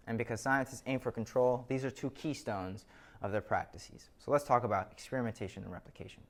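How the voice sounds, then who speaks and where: A man's voice: medium pitch, steady tone, brisk. A man giving a scripted lecture, telling an illustrative story with wry asides.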